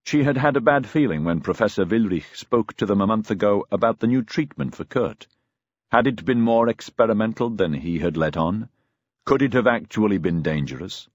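Man reading an audiobook, lively up and down delivery, dry close sound. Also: on the low side, moderate pace, dry recording. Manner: expressive storytelling. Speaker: narrator. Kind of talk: audiobook narration.

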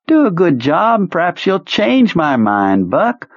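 A man voicing a cheerful, quietly menacing male military commander in an audiobook, his voice raised and breezy. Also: high-pitched, wildly swooping pitch, measured pace, no echo, dull audio, pitched above the performer's own voice, exaggerated voice. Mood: jovial. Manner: breezy, jovial, quietly sinister.

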